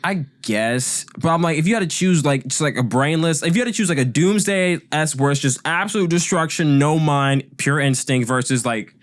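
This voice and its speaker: A man co-hosting a podcast in casual chat, jokey and quick to agree. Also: on the high side. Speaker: podcast co-host.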